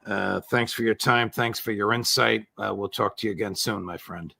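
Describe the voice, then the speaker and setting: Gravelly, bright-toned male interview host. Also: fairly low pitch, steady tone, dry recording. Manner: formal, measured, frequent "uh" fillers. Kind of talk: news commentary interview.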